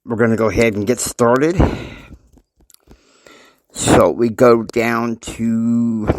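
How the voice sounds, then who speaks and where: A man's voice: medium pitch, a little mellow, dry recording, rough recording. A man casually narrating a homemade family story, rambling with many fillers and laughs.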